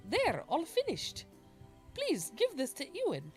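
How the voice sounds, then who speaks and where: Woman reading as a gentle machine-people artist. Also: very high-pitched, huge pitch swings, unhurried, faint music behind, pitched above the performer's own voice, heavily acted. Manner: reading game dialogue aloud in a put-on accent.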